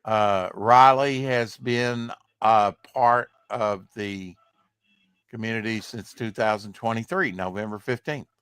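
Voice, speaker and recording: Slow-talking, sleep-short male stream host. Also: fairly low pitch, fairly bright tone, clean tone, no echo. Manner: rambling, joking, slow-talking, reads chat aloud. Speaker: livestream host. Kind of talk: casual livestream chat.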